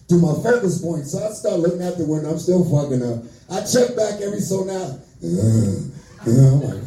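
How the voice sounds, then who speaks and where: A man's voice: high voice, very animated, normal speed, soft background music. Brash, profane fifty-something man on stage. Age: 50s. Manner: profane, brash, swings loud and quiet. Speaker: stand-up comedian. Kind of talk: stand-up comedy set. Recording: echoey room, voice far from mic.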